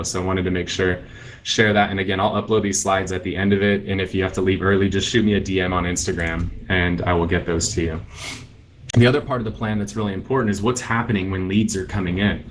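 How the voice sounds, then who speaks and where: A man in his thirties giving a conference sales presentation, coaching in an energetic way and acting out sample phone calls. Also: fairly low pitch, low-quality recording. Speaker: real estate team leader presenting.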